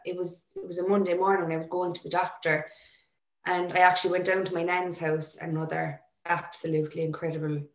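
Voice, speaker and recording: Woman talking emotionally, stops and restarts a lot, lowish voice, roomy echo. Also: flat delivery. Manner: emotional, halting, frequent restarts. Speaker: interview guest. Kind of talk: personal storytelling. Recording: echoey room.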